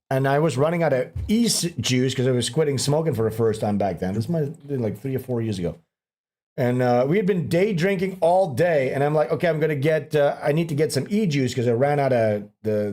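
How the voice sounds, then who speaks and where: A livestream host with a slightly high, dark-toned voice tells a long story in a rambling, profane way. He laughs often and acts out what people said in this casual storytelling chat.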